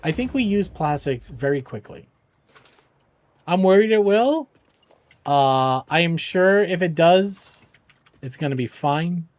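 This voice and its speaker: A man's voice: on the high side, expressive, slow pace, pauses often, no echo. A man streaming games for charity, chatting with viewers in a joking, rambling, reassuring way. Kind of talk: casual chat with viewers.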